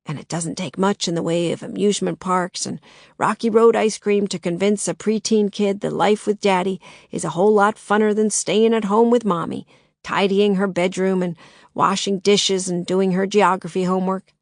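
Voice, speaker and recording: A woman's voice: medium pitch, moderate pace, dry recording, lightly acted. A woman doing a lisping Minnesota detective. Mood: persuasive. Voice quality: dry, creaky voice with a slight lisp. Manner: calm, knowing, gently persuasive. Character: thin saturnine male private detective.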